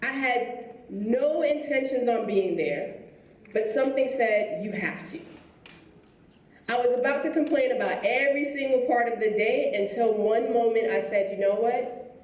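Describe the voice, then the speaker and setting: A woman giving a motivational speech to students, telling a story in a lively way and acting out the people in it. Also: on the high side, unhurried, muffled recording. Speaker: school principal giving a speech. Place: school auditorium. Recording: echoey hall, from far off.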